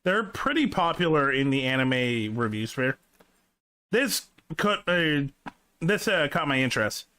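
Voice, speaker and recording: A man's voice: on the high side, big pitch swings, measured pace, bright, forceful tone. A man hosting a casual reaction video, enthusiastic and casually profane.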